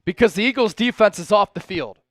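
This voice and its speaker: A man hosting a fan livestream, giving excitable live commentary on the game, shouting at big plays and talking directly to his viewers. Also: sits high, a little fast, no room sound, faint music behind. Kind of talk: live watch-along commentary.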